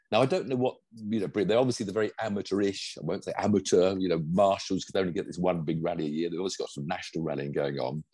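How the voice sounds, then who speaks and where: A man's voice: low voice, a little mellow, breathy edge, no echo. An older man chatting on a podcast, enthusiastic and rambling, often restarting his sentences. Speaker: podcast co-host and pundit. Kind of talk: casual chat.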